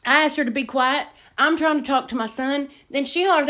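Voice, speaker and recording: Lady in her middle years spinning a yarn, kinda high voice, gets loud then drops to a hush. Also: a little fast, hardly any pauses. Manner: animated, swings between loud emphasis and hushed asides. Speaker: storyteller. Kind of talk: casual storytime.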